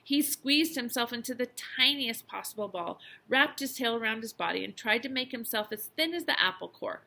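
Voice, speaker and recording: A woman teacher reads a chapter book aloud, her pitch rising and falling expressively. Her bright, forceful tone carries a gravelly rasp. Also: moderate pace. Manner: expressive storytelling with lively emphasis. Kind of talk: reading a children's novel aloud.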